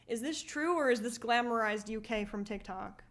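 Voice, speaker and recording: A woman's voice: fairly high pitch, moderate pace, fairly bright tone. A woman streaming live, chatting casually as she reacts to a video and reads viewer comments, often laughing and asking questions.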